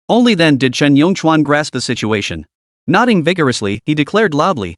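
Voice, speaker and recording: A man's voice: a little high, normal speed, dry recording, clean studio sound. A man narrating a dramatic story recap in a scripted reading voice. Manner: lively storytelling, reads all characters' lines himself.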